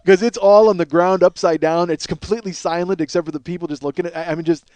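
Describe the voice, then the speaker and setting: Profane storytelling man, fairly high voice. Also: fast talker, no echo. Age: middle-aged. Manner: animated, profane, acts out quotes. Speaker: podcast host. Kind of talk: storytelling monologue.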